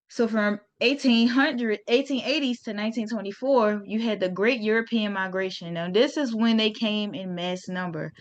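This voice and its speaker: A woman hosting a casual history talk for her viewers, informal and chatty, with slang and restarts. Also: medium pitch. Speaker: host.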